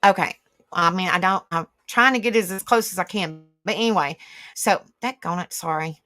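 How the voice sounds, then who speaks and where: A livestream host with a fairly low voice talks at normal speed in a pushed, bright tone, recorded dry. She rants indignantly and rambles, swearing freely as she addresses her viewers directly and answers their online comments.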